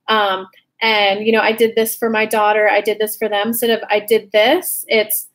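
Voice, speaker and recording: A young woman from California chats her way through a horoscope card reading, friendly and upbeat. Her voice sits a little high, and she talks in a loose, conversational way. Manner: chatty and upbeat, laughs at her own slips. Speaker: intuitive card reader.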